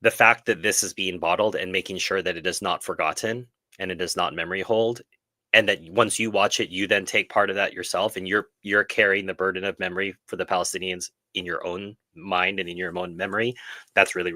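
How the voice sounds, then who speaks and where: Guy hosting a live stream, kinda low voice, bright forceful tone, dry close sound, earnest and keeps restarting sentences. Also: fairly even intonation, fairly quick, dry recording. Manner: earnest, reflective, frequent self-corrections. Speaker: host of a film club live stream. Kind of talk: casual live stream discussion.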